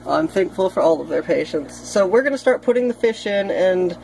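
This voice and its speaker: A woman's voice: on the low side, lively intonation, fairly quick, gravelly, a little mellow, slight background noise. A woman vlogging casually at home, playfully chatting to her aquarium fish. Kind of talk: casual vlog tour.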